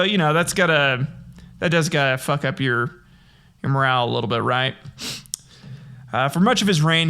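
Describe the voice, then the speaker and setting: A man's voice: a little high, a bit bright. A man hosting a casual history podcast, reading from notes with slips and breaking into profane jokes. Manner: profane, joking, reads from notes with slips and laughs. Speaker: podcast host.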